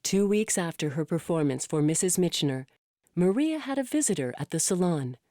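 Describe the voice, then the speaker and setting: A woman narrating a documentary in a measured, scripted delivery. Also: on the low side, very animated, dark tone, no echo, clean studio sound. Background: music.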